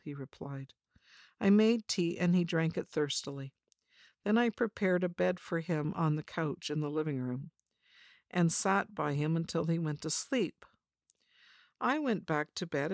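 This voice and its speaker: A woman narrating a first-person memoir story in a measured, reflective way. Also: deep voice, vocal fry, a little mellow, no echo, studio quality. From China.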